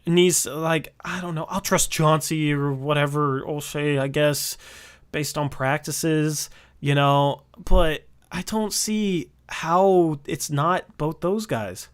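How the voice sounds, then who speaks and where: A man co-hosting a casual sports podcast, arguing his opinions at length with quick asides. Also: a little high, steady tone, clean tone. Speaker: podcast co-host.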